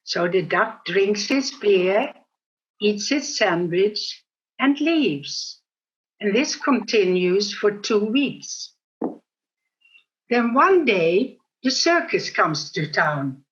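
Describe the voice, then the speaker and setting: Older woman, meditation talk, gentle storyteller, unhurried, muffled lo-fi recording. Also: mid-range voice, expressive. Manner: gentle storytelling, laughs at herself. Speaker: speaker on meditation. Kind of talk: reflective spiritual talk.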